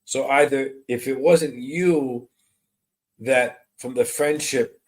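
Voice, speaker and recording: A man working as a psychic medium, giving a live online reading, describing impressions slowly and answering viewers' comments. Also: mid-range voice, fairly even intonation.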